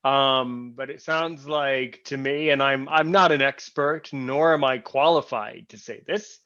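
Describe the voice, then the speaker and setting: A man's voice: mid-range voice, unhurried, sharp tone, dull audio. A man hosting a casual conversation, responding in a sympathetic, cautious way. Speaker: podcast host. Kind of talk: casual chat.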